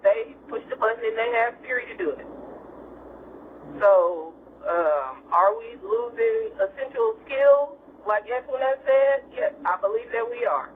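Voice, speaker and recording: A woman's voice: a little high, sing-song, moderate pace. A woman teacher calling in to a podcast, chatty and blunt, sounding exasperated. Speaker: caller, teacher. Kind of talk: voicemail call-in. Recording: tinny phone line with faint noise.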